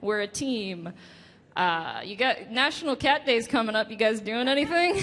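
A woman in her late twenties doing a stand-up set on a club stage, halting and laughing at her own jokes. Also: fairly high pitch, expressive, a bit bright, slight background noise. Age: late 20s. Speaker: stand-up comedian. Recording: reverberant club room with faint music.

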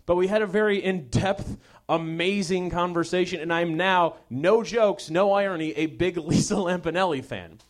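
A man's voice: sits high, normal speed. A young man hosting a show, delivering a sarcastic, profane comedic monologue that swings between mock outrage and mumbled asides. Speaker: host.

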